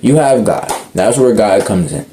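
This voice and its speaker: Young man, low and warm, casual earnest monologue, self-correcting. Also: expressive, normal speed, a little hiss or hum. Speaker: speaker sharing reflections.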